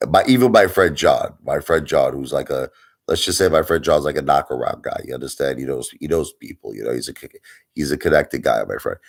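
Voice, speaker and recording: A man hosting a live stream, telling a story in a casual, animated way, with plenty of swearing and repetition for emphasis. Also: extremely low pitch, a little fast, vocal fry. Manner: animated, profane, repeats himself for emphasis. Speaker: livestream host.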